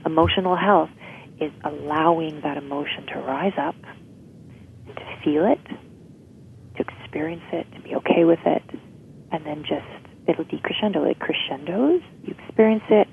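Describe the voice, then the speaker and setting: A woman's voice: deep voice, normal speed, gravelly, slight background noise. A woman guest explaining emotional healing in an interview, often checking in with "right?". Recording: tinny phone-like line.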